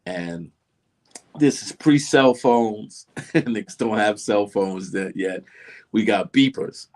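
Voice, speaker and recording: A man's voice: fairly low pitch, takes it slowly. A middle-aged man telling a story in a casual interview, acting out the voices of the people in it. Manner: animated, acts out voices in his story. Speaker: interview guest.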